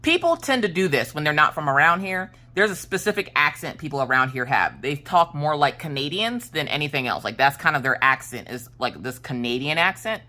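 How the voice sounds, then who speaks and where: A woman's voice: deep voice, animated, a little fast, hardly any pauses, pushed and bright. A woman in her late thirties from South Carolina, with a mixed Pennsylvania and Southern accent, telling a jokey story in a casual craft-along chat. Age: late 30s. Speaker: crafting vlogger.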